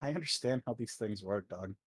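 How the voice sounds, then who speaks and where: A man co-hosting a podcast, talking in a casual, animated way, swearing often and laughing a lot. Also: fairly low pitch, a little fast, husky. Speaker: podcast co-host. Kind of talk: casual chat.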